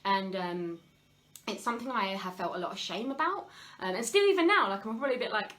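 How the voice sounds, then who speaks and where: A woman's voice: mid-range voice, expressive, a little fast, a bit bright, poor audio. A woman hosting a live health talk, talking openly and confessionally about her past, with many fillers and restarts. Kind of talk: live Q&A, personal sharing.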